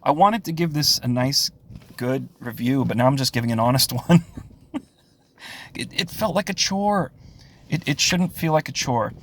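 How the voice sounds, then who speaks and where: A man's voice: mid-range voice, expressive, moderate pace, long pauses, fairly bright tone. A man giving a casual spoken review of a comic book, sarcastic, with frequent sighs, short laughs and fillers.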